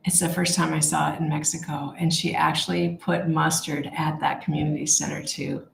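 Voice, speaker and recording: Woman, Bible study leader, heavy vocal fry, halting and heartfelt, echoey room, faint background noise. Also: deep voice, little pitch movement. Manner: heartfelt, halting, with many fillers and restarts. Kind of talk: casual livestreamed Bible study.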